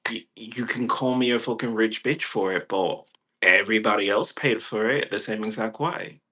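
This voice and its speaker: A man's voice: lowish voice, normal speed, sharp tone. Man ranting, swearing emphatically. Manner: emphatic, repetitive, heavy swearing. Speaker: vlogger. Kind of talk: profane ranting monologue.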